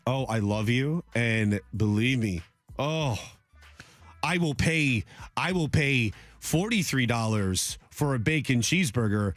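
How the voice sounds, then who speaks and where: A man hosting a sports radio talk show, rambling and joking in a loose, animated way. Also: mid-range voice, a little slow, dry recording. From Polish heritage.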